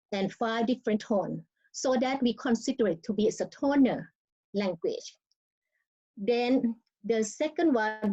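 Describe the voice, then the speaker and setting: A woman explains a language in an online talk, and her words come slowly and haltingly, with many fillers and restarts. Her voice sits at a middling pitch. The video call audio is dull and lo-fi. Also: darkish tone. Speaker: language presenter.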